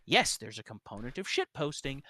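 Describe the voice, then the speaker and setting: A man's voice: mid-range voice, very animated, a little fast, pushed and bright. A man co-hosting a casual chat, insisting on and defending his point. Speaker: co-host.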